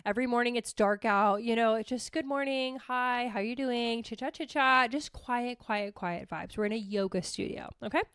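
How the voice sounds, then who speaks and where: A young woman hosting a podcast, telling stories in a casual, animated, self-mocking way and swearing freely. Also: on the high side, moderate pace, hardly any pauses, smooth, dry recording, studio quality. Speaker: podcast host. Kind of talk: casual storytelling monologue.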